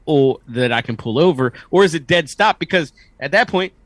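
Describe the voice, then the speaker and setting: A man co-hosting a podcast in casual chat, animated and fond of mimicking others. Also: on the high side, normal speed, dry recording. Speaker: podcast co-host.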